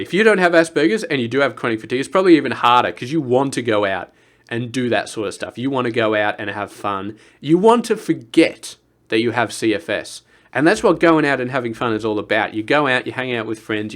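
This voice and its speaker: Rambling, earnest young man. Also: medium pitch. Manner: rambling, earnest, with frequent restarts and quiet asides. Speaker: vlogger. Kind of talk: casual personal vlog talk.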